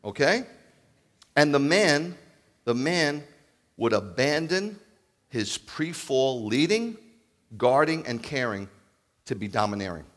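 A man in his fifties preaching as a rabbi, telling stories with jokes and acting out the dialogue in an animated sermon. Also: mid-range voice, slow pace, long pauses. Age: 50s. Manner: animated, jokey, acts out quoted dialogue. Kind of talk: humorous storytelling sermon.

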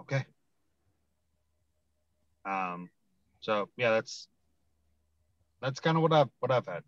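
A man's voice: on the low side, animated, a little slow, dry recording, dull audio. A man from the United States, a guest collector, chatting easily with lots of ums and you-knows. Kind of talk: casual video-call chat.

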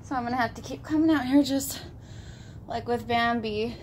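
A woman's voice: fairly high pitch, moderate pace, a little mellow, slight background noise. A woman animal rescuer giving a casual vlog update outdoors, out of breath and cooing in baby talk to a dog.

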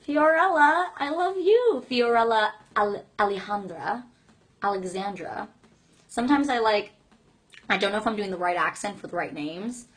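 Breathy, bubbly young woman chatting to fans. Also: mid-range voice, a bit bright. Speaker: singer on a fan livestream. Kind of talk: casual livestream chat with fans.

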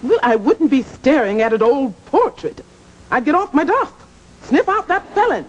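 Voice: sing-song, moderate pace, highs cut off. A performer putting on the voice of a feisty, bossy old woman speaking from a portrait. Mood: scolding. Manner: bossy, scolding, wildly swooping pitch. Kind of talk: TV game show skit.

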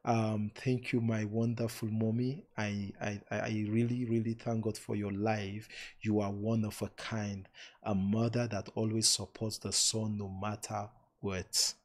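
A man hosting a live-streamed relationship talk, speaking warmly and emphatically to online viewers, repeating words for stress and closing with preacher-like blessings. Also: lowish voice, flat delivery, a little slow.

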